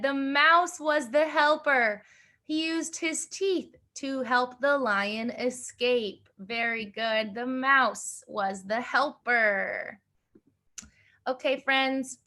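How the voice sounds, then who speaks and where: A woman teaching young learners with a high, bright voice. She speaks slowly and upbeat, repeating each question. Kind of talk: online class instruction.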